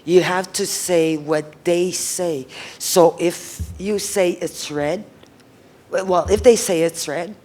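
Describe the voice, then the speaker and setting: A woman's voice: fairly low pitch, fairly even intonation, slow, mellow. Blunt swearing woman. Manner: blunt, swears often, emotional. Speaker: panelist. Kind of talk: casual panel talk.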